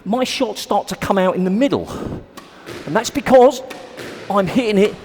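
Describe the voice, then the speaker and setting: A man's voice: high-pitched, moderate pace, darkish tone, in a large hall, a little hiss or hum. A man coaching squash on court, explaining and demonstrating shots in a chatty, self-deprecating way. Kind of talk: on-court instructional video.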